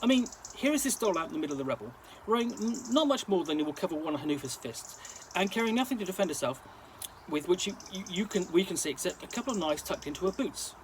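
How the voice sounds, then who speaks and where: Brief: male reader with a high-pitched, very lively delivery, telling a slangy tale, with faint noise behind. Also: fast talker, low-quality recording. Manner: lively storytelling, now and then stumbling over words. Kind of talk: story reading in a present-tense gangster-slang voice.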